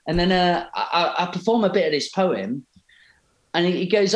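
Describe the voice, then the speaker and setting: A man, a poet guesting on a podcast, telling stories in an animated, rambling way with many restarts. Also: high-pitched, a little fast. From Derby, England. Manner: animated, rambling, self-interrupting. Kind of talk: casual storytelling interview. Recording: roomy echo.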